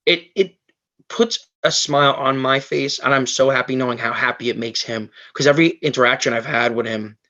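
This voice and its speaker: A man's voice: mid-range voice, steady tone, fairly quick, sharp tone, muffled recording. A man guest on a podcast, telling an emotional story in a rambling way, full of fillers and restarts. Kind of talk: emotional storytelling in casual chat.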